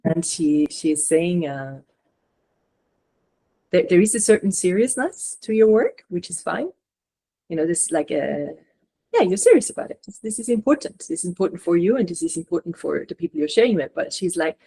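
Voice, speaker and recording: A woman channeler relaying spirit messages slowly and softly during a live online session. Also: lowish voice, expressive.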